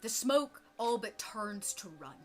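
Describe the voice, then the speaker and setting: A woman narrating a tabletop role-playing game as game master, descriptive and quick to laugh. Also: on the high side, faint music behind. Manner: lively, descriptive, laughs often.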